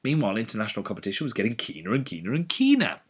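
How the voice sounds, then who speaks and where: A man giving an educational economics lecture, animated and full of sardonic asides. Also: lowish voice, very fast, husky.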